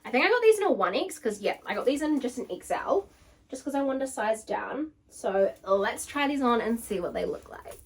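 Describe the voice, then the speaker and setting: Brief: young woman vlogger, bubbly and chatty, a touch high, recorded from across the room. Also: sing-song, a little fast, recorded from a distance. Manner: bubbly, gushing, full of "like". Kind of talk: casual try-on haul chat.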